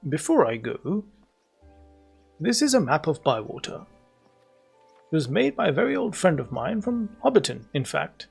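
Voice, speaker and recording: A wise old wandering wizard in a cozy fantasy game, kindly but cryptic, teasing with his answers. He speaks with a gravelly edge over soft game music. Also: fairly high pitch, sing-song, normal speed, pauses often, heavily acted. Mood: wry, cryptic.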